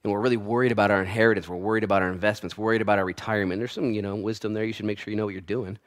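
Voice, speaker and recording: A man preaching a sermon to a church congregation, swinging from loud, rising calls to hushed asides, with playful humor. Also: on the low side, steady tone, rapid-fire. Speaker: pastor.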